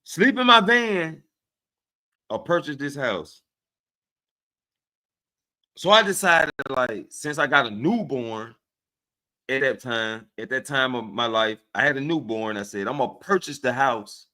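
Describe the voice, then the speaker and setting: A man with a Southern US accent hosting a casual livestream, speaking to his viewers in an animated, preachy way and often checking in with them. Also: medium pitch, measured pace, long pauses. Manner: animated and preachy, often asks "right?" of listeners. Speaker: livestream host. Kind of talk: casual livestream talk to chat.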